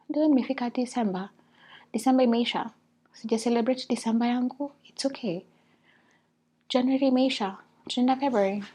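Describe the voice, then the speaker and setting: A woman with a Kenyan accent, casually telling a personal story to her vlog audience and moving freely between English and Swahili. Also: on the high side. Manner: animated, mixes English and Swahili. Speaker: vlogger.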